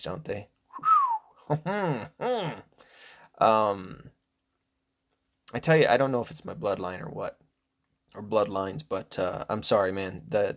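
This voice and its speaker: A middle-aged man hosting a podcast, talking in a crude, rambling, casual monologue and laughing at himself. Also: lowish voice. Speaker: podcast host.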